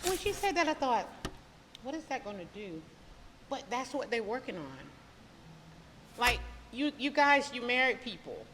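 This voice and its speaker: A woman speaks with a bright, pointed tone, earnest and emotional as she talks through her faith. Her delivery is loose and conversational but preacherly, full of questions to her listeners. The voice rings out in a reverberant space with faint noise underneath. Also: a little high, big pitch swings, normal speed, long pauses. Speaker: devotional speaker. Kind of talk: casual devotional talk.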